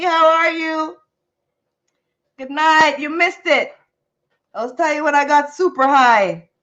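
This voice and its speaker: Lady chatting on her livestream, high voice, slow, expressive, muffled audio. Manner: animated and expressive, with sound effects. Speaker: livestream host. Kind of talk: casual storytelling to a live chat.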